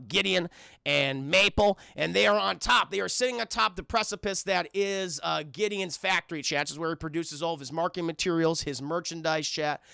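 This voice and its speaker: A man casually recapping a cartoon on a live stream, animated and constantly addressing his chat. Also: on the high side, creaky, clean tone, no echo, studio quality.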